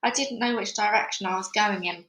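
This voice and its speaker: A woman reads a children's book aloud as a read-along narrator, her mid-range voice brisk and fairly bright, with the highs cut off. Between chapters she gets casual and chatty, recording in an echoey room of a busy house.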